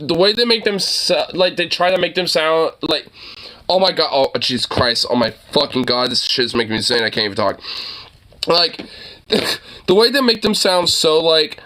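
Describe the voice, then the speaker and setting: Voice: medium pitch, fairly bright tone. A young adult streamer reacting live to a political debate, mocking it with profane outbursts, laughter and stammering.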